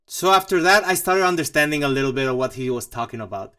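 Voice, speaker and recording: A man's voice: mid-range voice, animated, fast talker, hardly any pauses, sharp tone, clean tone. Guy composer vlogging his process, mid voice, rambly and jokey, lots of uhs. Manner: rambling and joking, with many fillers and mock asides. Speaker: composer and channel host. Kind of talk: casual walkthrough vlog.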